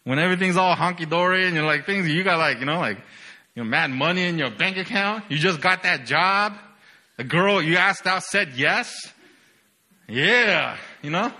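A young man delivers a sermon in a fairly high, bright, forceful voice. He is full of energy and keeps checking in with "right?". He moves between loud bursts and quiet, low passages. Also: expressive, normal speed. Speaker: preacher.

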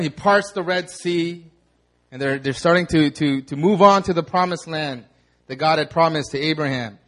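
Lively young man preaching a casual sermon. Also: high voice. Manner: casual storytelling, acts out the crowd in dramatic voices. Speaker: pastor. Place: church hall.

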